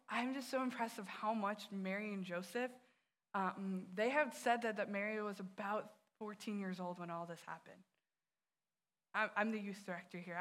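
A woman's voice: mid-range voice, a bit bright. A woman youth director giving an earnest sermon, telling personal stories and speaking straight to the listeners.

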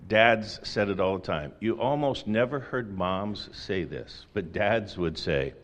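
A man's voice: fairly low pitch, a little slow, hardly any pauses. A middle-aged man preaching a sermon in a conversational way, with folksy asides and rhetorical questions. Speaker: pastor.

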